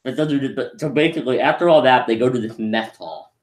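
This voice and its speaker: A man's voice: mid-range voice, a little fast. Rambling man recapping a movie, roomy sound. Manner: rambling, many restarts and "like", acts out quotes. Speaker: movie reviewer.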